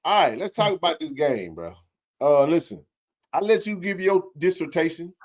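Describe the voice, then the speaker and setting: Animated high-voiced man talking sports. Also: moderate pace. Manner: animated, joking, slangy, laughs often. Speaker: sports talk show host. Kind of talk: casual sports banter.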